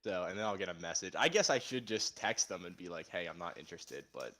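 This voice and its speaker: A man's voice: low voice, quick pace. A young adult man co-hosting a podcast, chatting casually and telling stories in an easygoing way. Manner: easygoing, relaxed storytelling with filler "like". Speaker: podcast co-host. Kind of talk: casual chat.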